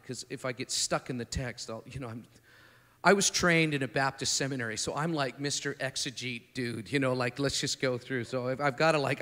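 A man preaching a sermon at a conference, talking in a conversational way with many restarts and acting out the people in the story. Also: mid-range voice. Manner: animated, acts out the speakers in the story. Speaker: conference speaker. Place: conference hall. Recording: long hall reverb.

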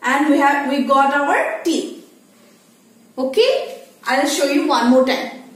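Woman teacher, high voice, slow and sing-song, phonics lesson for small children, very echoey room. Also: big pitch swings, a bit bright. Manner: slow, sing-song, repeats and checks with "okay?".

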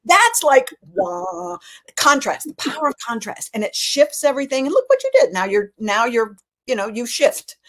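A woman's voice: high voice, big pitch swings, normal speed, creaky, fairly bright tone. A woman guest in a casual interview, responding with enthusiasm and affirming what she hears. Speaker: guest speaker.

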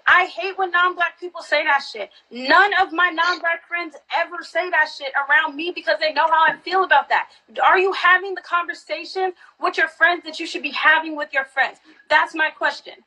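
A woman's voice: very high-pitched, normal speed, bright, forceful tone, low-quality recording. A woman from Texas in a heated live-stream argument, confrontational, profane and insistent.

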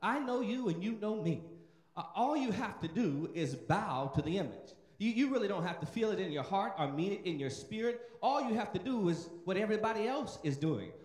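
Man doing a smooth, coaxing king, lively and high, echoey room. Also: fairly quick. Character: proud, insecure male ancient king. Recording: echoey hall.

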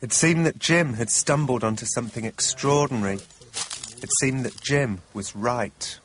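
A man of middle pitch narrates a documentary in the first person, measured and wry. Faint ambient noise hums underneath.

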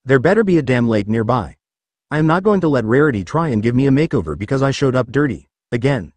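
A man's voice: mid-range voice, lively intonation, quick pace, a little mellow, dry recording, lightly acted. A man voicing a young stallion pony, a wry, grumbling hero in a storybook reading.

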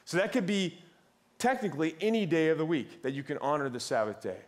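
A man's voice: a little high, sing-song, fairly quick. A man in his thirties preaching a sermon in a conversational way, often repeating words as he goes. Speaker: pastor. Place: church.

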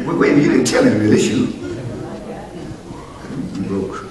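A man preaching a sermon as pastor, swinging between loud exhortation and low, conversational asides. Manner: animated preaching, rising to loud exhortation then dropping low. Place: church sanctuary. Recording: echoey church heard from a distance with noise.

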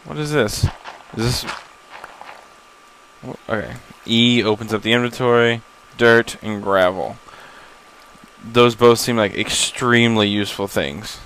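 A man's voice: mid-range voice, a little slow, fairly bright tone, a little hiss or hum, low-quality recording. A young man giving casual, rambling commentary on a game he is playing for the first time, self-deprecating and easily startled, swearing when surprised. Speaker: gamer recording a first-time playthrough. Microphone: laptop setup.

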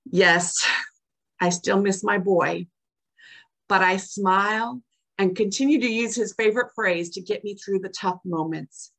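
An older woman giving a prepared club speech, reciting her own poems and acting out the quoted lines. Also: measured pace. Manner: expressive, acts out quoted lines with big pitch jumps. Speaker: club speaker.

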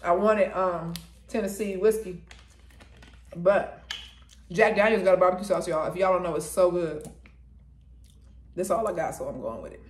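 A woman's voice: on the low side, normal speed, pauses often. A young woman vlogger chatting casually through a mukbang food review. She talks between bites and hums while she tastes. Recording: roomy echo.

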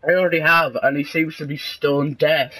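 A young man with a sarcastic, deadpan manner, casually commentating a video game and breaking into sudden excited yelps. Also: fairly high pitch, moderate pace, low-quality recording. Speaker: gaming video host.

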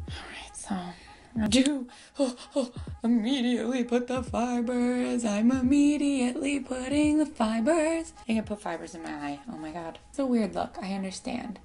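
A woman's voice: fairly high pitch, vocal fry, warm tone. A woman doing a casual makeup tutorial. She talks in a playful, silly way to her pet bird and makes self-mocking asides. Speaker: beauty vlogger.

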